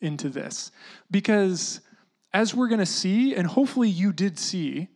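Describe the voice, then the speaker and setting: A preacher giving a relaxed, conversational sermon at a middle pitch. The delivery is animated and chatty, with plenty of "like" and "you know". The voice sometimes drops low and hushed. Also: measured pace. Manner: casual, animated teaching with lots of "like" and "you know"; often drops into a hushed voice to act out quotes.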